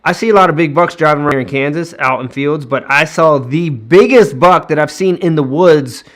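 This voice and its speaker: High-voiced upbeat livestream host, man. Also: fairly quick. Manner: upbeat, greets viewers by name, laughs often. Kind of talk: casual livestream chat.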